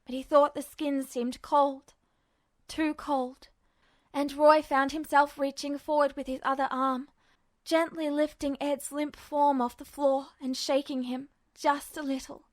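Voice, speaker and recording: A woman's voice: high voice, little pitch movement, unhurried, no room sound. A woman reading a fanfiction aloud as scripted narration, in a tense and emotional telling. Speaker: podfic reader.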